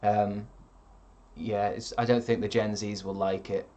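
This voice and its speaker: A man in his thirties, a streamer chatting casually and reading out viewer comments in a deadpan, sardonic way with plenty of swearing. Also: on the low side, unhurried.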